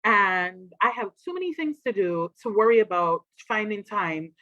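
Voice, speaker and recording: A woman, a trauma expert, giving an animated, casual talk on a livestream and acting out quoted voices. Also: mid-range voice, moderate pace, dry recording, dull audio.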